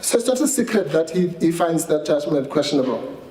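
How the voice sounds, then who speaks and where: Advocate arguing in court. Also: male voice, on the high side, animated, a little fast, mellow. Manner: hesitant restarts, then firm assertive points. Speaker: counsel arguing before the court. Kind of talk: courtroom legal argument. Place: large courtroom. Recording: roomy courtroom echo, faint hiss.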